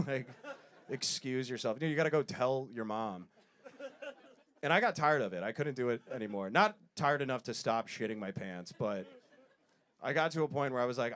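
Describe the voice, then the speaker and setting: A man telling stories in a stand-up comedy set, self-deprecating, with quick asides. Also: mid-range voice, expressive, fairly bright tone.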